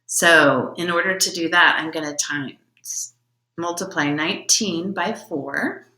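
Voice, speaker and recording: Woman teacher, patient lesson for small children, unhurried, roomy echo. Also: on the low side, bright, forceful tone. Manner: patient, step-by-step, asks the kids questions. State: out of breath after exercise. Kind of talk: remote lesson for young children. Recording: echoey room.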